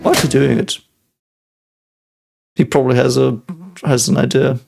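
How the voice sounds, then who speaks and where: A man's voice: medium pitch, level tone, normal speed, vocal fry, a little mellow, soft background music. A man, a physicist, giving casual reaction commentary and analysing things reflectively as he thinks aloud. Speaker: physicist reacting to an anime episode.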